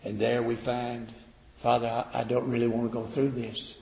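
A man preaching a sermon, swinging from loud declaiming to quiet, slow emphasis. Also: mid-range voice, completely flat delivery, gravelly. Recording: echoey hall, dull lo-fi sound.

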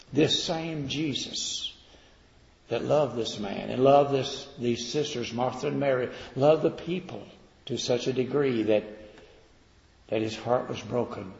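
A man preaching a sermon, swinging from loud declaiming to quiet, slow emphasis. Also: mid-range voice, creaky. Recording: echoey hall, dull lo-fi sound.

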